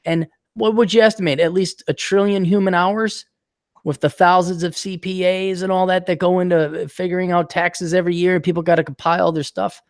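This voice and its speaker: A man hosting a casual podcast chat, ranting with lots of swearing and animated storytelling. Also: high-pitched, brisk, no echo, clean studio sound. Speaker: podcast host.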